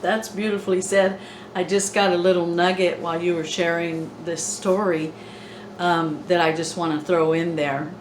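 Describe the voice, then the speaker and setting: A woman in a casual faith discussion, speaking gently and reflectively. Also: lowish voice, little pitch movement, normal speed. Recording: echoey room, faint noise.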